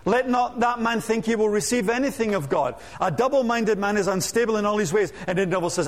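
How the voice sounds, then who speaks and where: High-voiced man preaching a sermon. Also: brisk, hardly any pauses. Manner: energetic, rhetorical questions, humorous asides.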